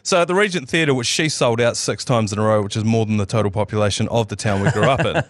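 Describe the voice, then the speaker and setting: A man with a New Zealand accent co-hosting a casual podcast, telling stories in a lively way and laughing as he goes. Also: fairly low pitch, fast, no echo, studio quality. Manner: lively storytelling, often laughing mid-sentence. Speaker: podcast co-host. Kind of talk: casual chat.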